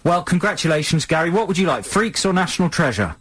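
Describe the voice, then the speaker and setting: A man's voice: on the high side, sing-song, fast, a bit bright, husky. A man co-hosting a radio show, chatting playfully and teasing callers. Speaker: radio host. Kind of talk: casual radio banter.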